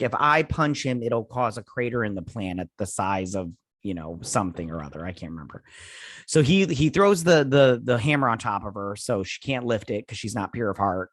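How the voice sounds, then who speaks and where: A man's voice: mid-range voice, fairly bright tone, no echo, studio quality. Sarcastic, rambling man recapping an episode. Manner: sarcastic, rambling, frequent filler words. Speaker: host.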